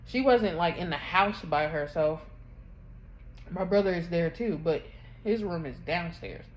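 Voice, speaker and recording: A grieving woman vlogging from her bedroom, telling a painful story in a halting, rambling way, close to tears. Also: on the low side, expressive. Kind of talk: emotional personal confession vlog. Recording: dull muffled sound with faint background hum.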